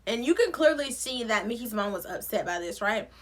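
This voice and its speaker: A woman recapping a TV episode with sassy, animated commentary. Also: fairly high pitch, a little fast. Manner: sassy, expressive storytelling with playful asides. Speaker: recap vlogger.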